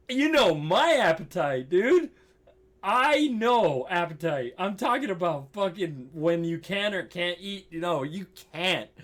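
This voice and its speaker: High, lively young man telling a story. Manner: laughing often, swearing, lots of "like". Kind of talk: casual storytime.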